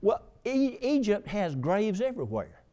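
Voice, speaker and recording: A man preaches a sermon in a lively, storytelling way. His voice is dark and mellow, rising for emphasis and dropping to hushed asides. Pitch moves a lot from line to line. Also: a little slow. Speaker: pastor.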